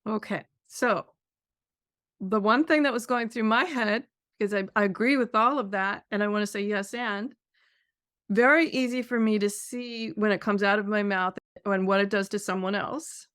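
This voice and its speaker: A woman's voice: mid-range voice, normal speed, a bit bright, smooth, dry recording, studio quality. A middle-aged woman hosting a podcast, asking chatty, reflective questions. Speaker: podcast host. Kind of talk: podcast interview.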